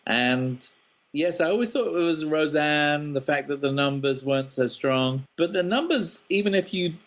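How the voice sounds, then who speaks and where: A man's voice: on the high side, lively intonation, moderate pace. A man, a screenwriter, answering interview questions thoughtfully with ums and restarts. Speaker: guest, screenwriter.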